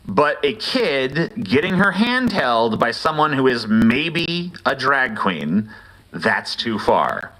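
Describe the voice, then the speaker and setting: A man's voice: medium pitch, big pitch swings, slow, bright, forceful tone, rough recording. A man giving sarcastic political commentary, amused with himself.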